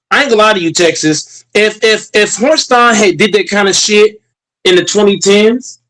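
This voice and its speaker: A man's voice: high-pitched, fairly bright tone, poor audio. A man streaming a heated, profane rant, repeating himself and talking straight to his chat.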